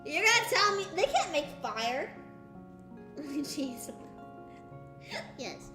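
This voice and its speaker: A young woman streamer chatting casually with her audience, excitable and full of exaggerated disbelief. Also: high voice, roomy sound. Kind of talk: casual live-stream chat.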